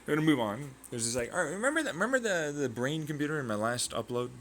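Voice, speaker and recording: A man hosting his own channel, talking through a rambling, excitable science monologue full of tangents, sound effects and swearing. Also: on the high side, fast, slight background noise. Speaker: channel host.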